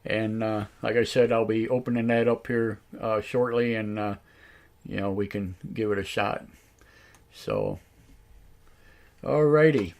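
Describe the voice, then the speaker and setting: A man hosting a live online radio show, talking in a halting, casual way with many fillers and restarts, his voice a bit raspy tonight. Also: fairly low pitch, animated, darkish tone. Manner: slow, drawn-out talk. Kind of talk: casual live-stream talk.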